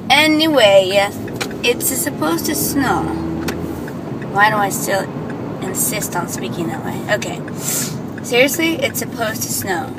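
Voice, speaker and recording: A woman rambling chattily to her viewers from home, with a slightly gravelly edge to her voice. Steady hiss sits under the camera audio. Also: mid-range voice, measured pace. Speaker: hair stylist vlogger. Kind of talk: casual vlog chat.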